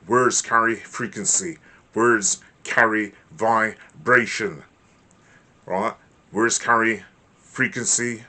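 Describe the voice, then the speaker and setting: A man's voice: lowish voice, fairly even intonation, slow, sharp tone. A man hosting his own channel, giving a lecture-style monologue in an emphatic, repetitive way and often checking in with the listener. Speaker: channel host.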